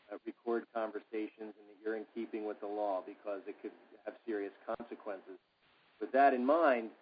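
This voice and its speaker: A man's voice: medium pitch, slight background noise. Earnest man hosting, muffled sound. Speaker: host. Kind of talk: podcast discussion.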